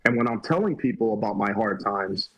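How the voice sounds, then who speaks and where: A man's voice: on the low side, fairly quick, slight background noise, rough recording. A man from Puerto Rico with a Puerto Rican accent, a comedian telling stories animatedly in a casual podcast chat and swearing a lot. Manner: animated storyteller, swears often.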